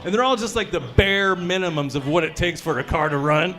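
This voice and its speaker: Performing stand-up at a brewery showcase, this high-voiced male comedian keeps his set crude, casual, and chatty, repeatedly quizzing the crowd. His delivery is brisk and his tone sharp.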